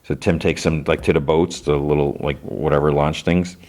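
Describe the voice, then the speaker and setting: A man with a very low voice narrates a show's plot in a loose, chatty way. He keeps jumping into short character voices, then drops straight back to his relaxed recap tone. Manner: retells scenes with quick voice shifts for characters. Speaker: podcast host. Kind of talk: casual plot recap with acted quotes.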